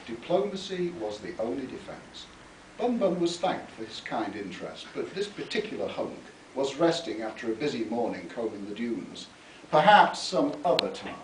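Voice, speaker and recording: An author reads theatrically from his own book, savouring each word and letting his pitch swing widely. He is heard from a distance in an echoey library room, with faint ambience behind him. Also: sing-song, moderate pace, a little hiss or hum. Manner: theatrical, relishing words, chuckling at his own lines. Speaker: author giving a reading. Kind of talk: reading from his book with spoken asides. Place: public library talk. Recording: echoey room, mic far off.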